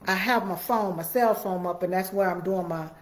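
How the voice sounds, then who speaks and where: A woman's voice: lowish voice, normal speed. A woman hosting a casual live stream from her home computer, chatting folksily with viewers. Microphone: computer mic.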